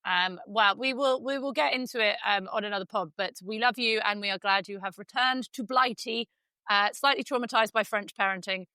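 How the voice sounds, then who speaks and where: A woman's voice: medium pitch, a little fast, pushed and bright, no echo. A woman hosting a podcast in casual chat, teasing her guests and swearing lightly. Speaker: podcast host.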